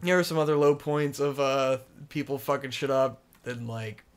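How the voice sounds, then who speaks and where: A man's voice: mid-range voice, normal speed, clear, resonant tone. A young man casually telling a long story on a podcast, rambling and swearing, with a lot of "like" fillers. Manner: rambling, profane, lots of "like" fillers. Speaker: podcast co-host.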